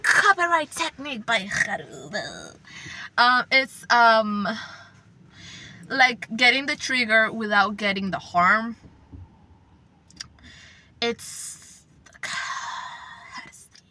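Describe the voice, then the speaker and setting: A young woman with a bright, clear voice that sits a little high, talking casually to her viewers. She rambles and swears freely, gushing with feeling, and at times drops to a hushed whisper. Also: sing-song, slow, pauses often. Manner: rambling, profane, effusive, slips into whispers. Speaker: channel host. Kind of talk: casual chat.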